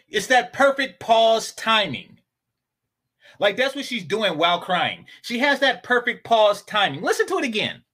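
A man's voice: sits high, pushed and bright. A man giving casual, sarcastic reaction commentary on a stream, talking back to the clips he plays.

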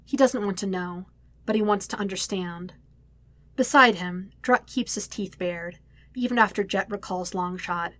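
A woman reading a fan story aloud in a quiet, steady narrating voice. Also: medium pitch, measured pace, no room sound. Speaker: podfic reader. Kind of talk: audiobook reading.

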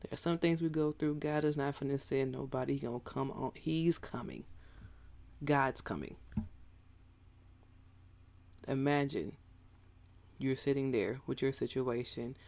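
A man's voice: mid-range voice, moderate pace, gravelly, darkish tone. A man preaching a sermon in a casual, conversational way, talking straight to his listeners.

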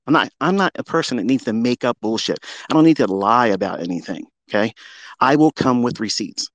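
A man ranting brashly on a trading livestream, boastful and profane, jumping from loud outbursts down to low muttering. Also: lively intonation, brisk, dry recording.

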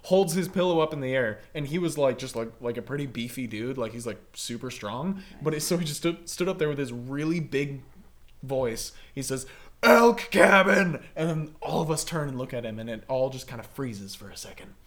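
Animated man telling a rambling story. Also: mid-range voice, a little fast. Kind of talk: casual chat storytelling.

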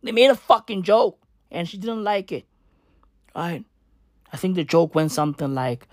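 A woman's voice: mid-range voice, animated, a little slow, long pauses, dry recording, studio quality. A woman delivering a comedic news rant in a profane, slangy, rambling way that keeps circling back to the same tags. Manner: repeats filler tags.

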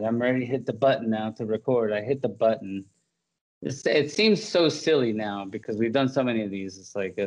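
A man's voice: mid-range voice, a little mellow, lo-fi sound. A man hosting a podcast in casual chat, rambling, laughing often and full of fillers and restarts. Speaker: podcast host.

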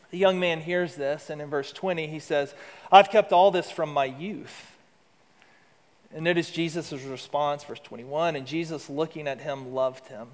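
A man preaching a sermon as pastor, rising to emphatic lines and dropping to soft, low asides. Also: moderate pace, big-room sound.

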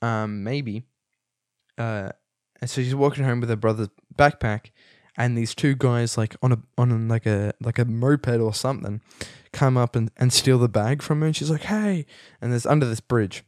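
A man's voice: mid-range voice, steady tone, moderate pace, darkish tone, dry recording, studio quality. A young man giving a casual, rambling film review, amused and full of fillers and restarts. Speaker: movie reviewer.

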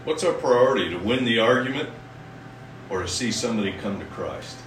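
Male pastor, folksy sermon delivery, bright tone, miked from a distance in a reverberant room. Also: mid-range voice, animated, slight background noise. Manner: folksy, reads scripture slowly and emphatically.

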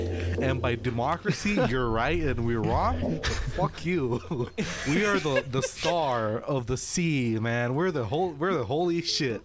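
A man's voice: mid-range voice, a little slow, noisy background. A young man from Rico, hosting a casual chat with friends, joking and swearing freely. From Puerto Rico. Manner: animated, joking, swears freely, switches to Spanish. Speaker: host.

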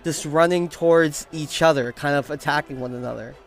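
A man narrating a tabletop game as its game master, loose and casual, with quick jokes. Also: on the high side, faint music behind.

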